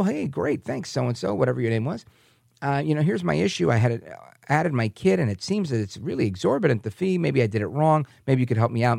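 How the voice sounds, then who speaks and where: A man's voice: fairly high pitch, gravelly, no echo, clean studio sound. A middle-aged man, hosting a talk radio show and ranting as he tells a story, now and then mimicking other people's voices.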